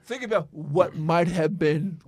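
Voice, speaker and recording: A man's voice: a little high, measured pace, darkish tone. An older man co-hosting a radio show, talking in a reflective, emotional way and often stammering and repeating words. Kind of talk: casual radio chat.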